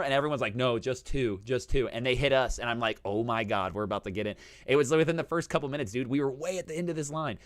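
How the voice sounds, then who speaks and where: An animated man swaps travel stories in a loose, profane chat, tossing "dude" into nearly every sentence. His voice sits at a middling pitch and sounds close and dry, with no room around it. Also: quick pace, dry recording. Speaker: host. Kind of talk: casual storytelling chat.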